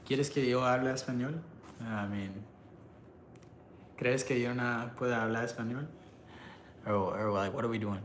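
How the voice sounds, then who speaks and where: A man's voice: mid-range voice, fairly even intonation, slight background noise. Easygoing male livestreamer chatting. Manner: laughs often, loose and joking; halting when he switches languages. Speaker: livestreamer reading chat. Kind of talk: casual live stream chat.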